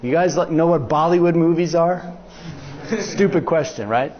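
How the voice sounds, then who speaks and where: A man's voice: on the high side, moderate pace, muffled recording. An older American man giving a talk, telling a joking story and acting out the dialogue. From United States. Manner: animated, joking, acts out dialogue. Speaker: guest speaker. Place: lecture hall.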